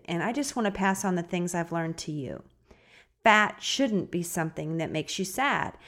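A woman hosting a casual solo podcast, playful and giggly. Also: fairly low pitch. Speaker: podcast host.

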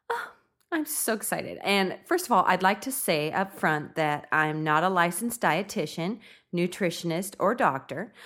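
A woman's voice: fairly low pitch, a bit bright. A young woman hosting a podcast, bubbly and gushing, talking in an upbeat monologue. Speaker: podcast host.

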